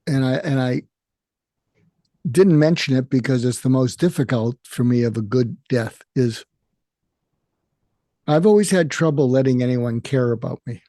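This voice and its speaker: An older man with an American accent, a psychiatrist speaking candidly and haltingly about his own feelings in an interview. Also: medium pitch, warm tone, no echo, studio quality. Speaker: guest, psychiatrist. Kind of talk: emotional personal conversation.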